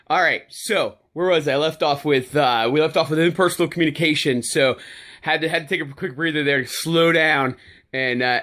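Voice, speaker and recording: A middle-aged man from the United States, a life coach giving a fired-up motivational rant to the camera with punchy, repeated exclamations. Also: a little high.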